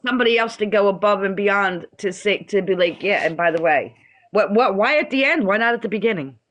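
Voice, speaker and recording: A woman's voice: medium pitch, fast, fairly bright tone. A woman guest on a livestream, speaking heatedly and repeating her points. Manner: heated, repetitive, emphatic. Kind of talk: casual livestream chat.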